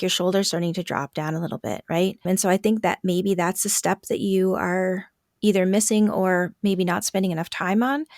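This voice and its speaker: A woman coaching a parent on a call, speaking in a gentle, empathetic way with frequent fillers. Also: fairly low pitch, dry recording, clean studio sound. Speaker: parenting coach and podcast host.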